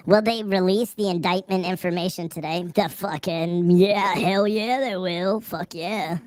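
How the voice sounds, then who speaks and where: A woman's voice: medium pitch, normal speed, few pauses, a little mellow, no room sound. A woman live-streaming outdoors on a city street, reading chat aloud in a brash, profane way and laughing often.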